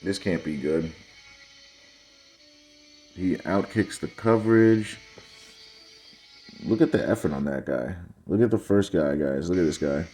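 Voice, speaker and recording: A man with a low, mellow voice talks his viewers through football plays in a blunt, exasperated way. He sounds casual and keeps addressing the audience directly. Faint music plays underneath. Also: unhurried, pauses often. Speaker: sports video host. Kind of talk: casual commentary over game highlights.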